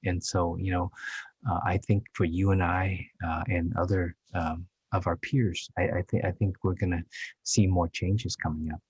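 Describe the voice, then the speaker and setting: A man in his fifties, a guest actor telling his story in an interview, halting and reflective with many restarts. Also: deep voice, little pitch movement, a little mellow, slightly rough, no echo, dull audio.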